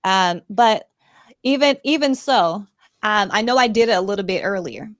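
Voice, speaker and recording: A woman's voice: mid-range voice, expressive, no echo. Woman hosting, dry close sound. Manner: friendly, halting with fillers and restarts. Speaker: interview host. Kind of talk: conversational interview.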